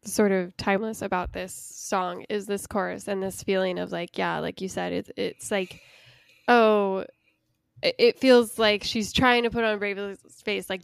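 A woman's voice: medium pitch, steady tone, measured pace, vocal fry, smooth, no echo, clean studio sound. A woman talking casually about a song, chatty and full of restarts.

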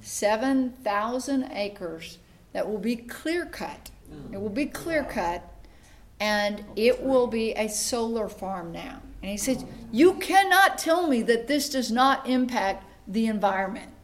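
A middle-aged woman with a drawl addresses a room of supporters in an animated speech. Her voice sits a little high, and she drops in and out of the voices of the people she quotes. She keeps building up her emphasis as she goes. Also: takes it slowly, slight background noise. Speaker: state senator. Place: meeting room with an audience.

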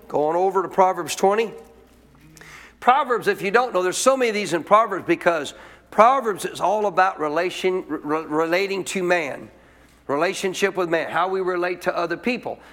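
High-voiced emphatic preacher man. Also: a bit bright. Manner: emphatic, questions the congregation and repeats points. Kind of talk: sermon. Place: church.

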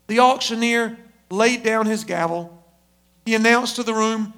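High-voiced male preacher telling a story. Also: steady tone, bright, forceful tone. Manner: shifts from quick asides to slow, emphatic phrases. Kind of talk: sermon storytelling.

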